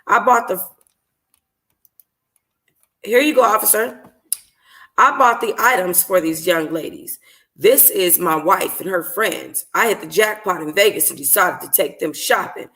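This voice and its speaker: Brief: a woman doing a slangy, smooth-talking young guy in a read-aloud story, a bit low. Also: animated, a little slow, pauses often, a bit bright. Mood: easygoing. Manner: slangy, casual.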